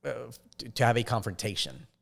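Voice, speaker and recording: A man, a podcast guest, telling his life story in a casual, halting way with frequent restarts. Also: on the low side, big pitch swings, fairly bright tone.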